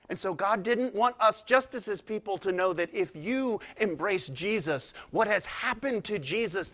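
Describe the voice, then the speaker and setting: A middle-aged man preaching a sermon as pastor, in a conversational, animated way with asides and restarts. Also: high-pitched.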